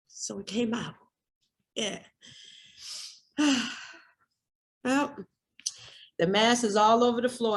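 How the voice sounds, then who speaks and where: A woman's voice: a little high, slow, pauses often. A woman giving an emotional personal share at a recovery workshop, raw and candid, cursing freely and repeating herself.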